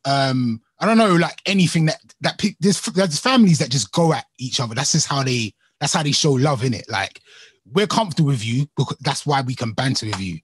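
A man's voice: medium pitch, lively intonation, fairly quick, breathy edge, dry recording. A young man co-hosting a live chat show, heated and slangy, laughing often. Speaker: co-host of a live discussion stream. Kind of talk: casual chat.

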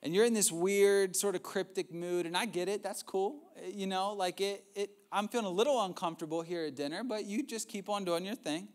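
A man's voice: high voice, brisk, few pauses, lightly acted. A man voicing an exasperated male disciple who rambles and pleads with his teacher about where he is going. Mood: pleading.

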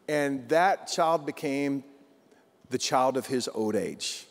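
A male pastor telling a story in a sermon, animated and repeating phrases for emphasis. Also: mid-range voice, takes it slowly. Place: church sanctuary. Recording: long church hall reverb.

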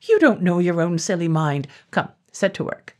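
A woman's voice: on the low side, big pitch swings, moderate pace. A woman voicing a huge male dragon in iron armor, spluttering and polite but menacing, in a storybook reading. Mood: bossy. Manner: spluttering, bossy.

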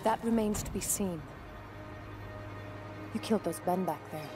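A woman's voice: medium pitch, measured pace, close to an everyday voice. An actress voicing a wary, hostile woman of a hidden tribe, cold and threatening, in a video game. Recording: game audio with music score. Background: music.

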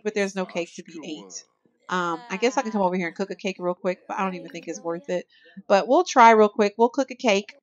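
Brief: young female let's-play host, chatty, laughs a lot, playful commentary. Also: lowish voice. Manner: chatty, laughs often, voices her characters playfully. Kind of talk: casual gameplay commentary.

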